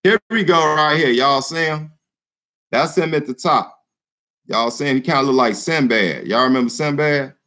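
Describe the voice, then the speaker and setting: A man hosting his own video channel, talking straight to his viewers in a joking, animated way. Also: medium pitch, moderate pace. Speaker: YouTube channel host addressing viewers. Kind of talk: casual vlog commentary.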